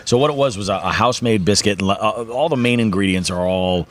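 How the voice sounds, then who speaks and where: A man's voice: lowish voice, fast talker. A man hosting a fishing podcast in casual chat, rambling along with many fillers and restarts.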